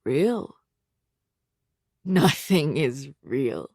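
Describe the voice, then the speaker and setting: A woman voicing an unsettled young man who speaks in a slow, detached, quiet manner, in an audiobook. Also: low voice, big pitch swings, vocal fry, breathy edge, no room sound, studio quality, voice pushed down, full character voice. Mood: detached, eerie.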